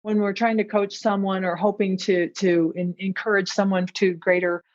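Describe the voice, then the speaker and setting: A woman's voice: medium pitch, little pitch movement, normal speed. Woman podcast host, thoughtful, laughs a lot, kinda dull lo-fi audio. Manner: reflective, laughs often. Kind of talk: conversational interview. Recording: dull lo-fi sound.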